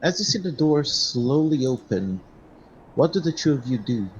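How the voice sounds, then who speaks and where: A man narrating as game master for a tabletop game, laying out each scene at an unhurried pace with the odd filler. His voice comes through a dull, lo-fi voice chat at a middle pitch. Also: big pitch swings, a little hiss or hum.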